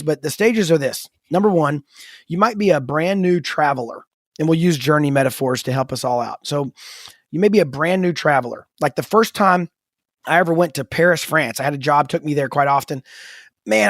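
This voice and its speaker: A man co-hosting a podcast in a casual, storytelling manner. His voice sits a bit high for a man and he tells stories with animation. The sound is dry and close, with no room around it. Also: dry recording. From United States. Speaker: podcast co-host. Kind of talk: casual faith-based podcast chat.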